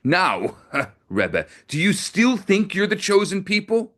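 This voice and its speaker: A man's voice: high-pitched, wildly swooping pitch, takes it slowly, fairly bright tone, pitched above the performer's own voice, full character voice. A man voicing a cruel, mocking male Nazi officer who taunts a prisoner. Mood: enraged. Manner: mocking, sneering.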